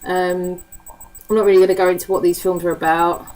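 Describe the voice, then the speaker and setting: Fairly quick and fairly flat in pitch, this woman's voice is on the low side with a darkish tone, and the recording is low quality. She's an East End Londoner with a Cockney accent, casually chatting to camera, cursing freely, laughing often and saying um a lot.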